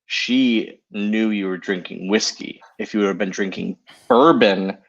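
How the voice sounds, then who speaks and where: A man's voice: on the low side, steady tone, a little slow, vocal fry, muffled recording. A man appearing as a guest, a pro wrestler, trading dry, joking banter in a casual chat over drinks.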